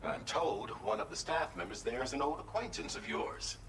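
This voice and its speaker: A man's voice: mid-range voice, very animated, background noise, lightly acted. A man playing a formal game dispatcher. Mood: measured. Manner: formal, measured instructions. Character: male mission dispatcher, measured and formal. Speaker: game character. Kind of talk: game dialogue. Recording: roomy game audio over music.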